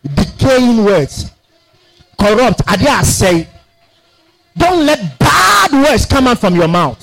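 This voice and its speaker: A man preaching a sermon in a church, swinging from shouted declarations to quiet asides. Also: very high-pitched, sing-song, unhurried, soft background music, low-quality recording. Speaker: pastor. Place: church sanctuary.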